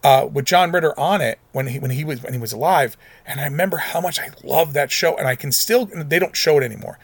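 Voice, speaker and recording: A middle-aged man with a slightly high voice talks through a solo podcast episode, rambling and circling back on himself. His words come close and dry, with no room sound around them. He drifts into emotion at times while chatting. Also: quick pace, no room sound. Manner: rambling, self-interrupting, conversational. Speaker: podcast host. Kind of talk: solo casual podcast monologue.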